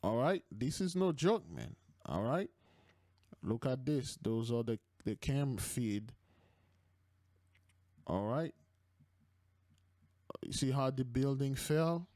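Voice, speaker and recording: A man's voice: mid-range voice, big pitch swings, takes it slowly, pauses often, mellow, no echo, studio quality. A man commenting over video clips as an online preacher, repeating his points emphatically and addressing listeners as beloved.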